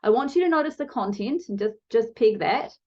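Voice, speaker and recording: A woman's voice: a little high, expressive, brisk, darkish tone, muffled recording. A woman coaching viewers in a motivational video lesson, talking to them directly and shifting her pace for emphasis. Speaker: online challenge coach.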